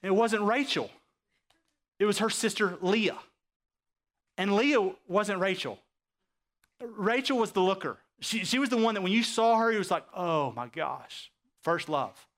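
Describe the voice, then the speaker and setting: A man's voice: sits high, moderate pace, long pauses. A male pastor preaching a sermon, acting out quoted characters and often asking his congregation if they understand. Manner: animated preaching, acts out quoted voices, asks the audience questions.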